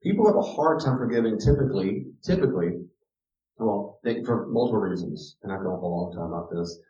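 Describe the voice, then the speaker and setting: A man's voice: lowish voice, lively intonation, fairly quick, dark tone. A man giving a casual teaching talk on parenting, talking conversationally and acting out bits of dialogue. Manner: conversational, acts out quoted dialogue. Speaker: speaker on parenting and character. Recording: roomy, distant, dull recording.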